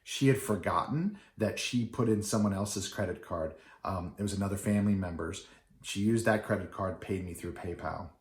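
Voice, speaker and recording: A middle-aged wedding DJ tells a story in a loose, rambling way, full of fillers and restarts. His voice sits low. The room around him is echoey. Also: normal speed. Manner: rambling with many fillers and restarts, acting out quoted people. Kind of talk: casual storytelling.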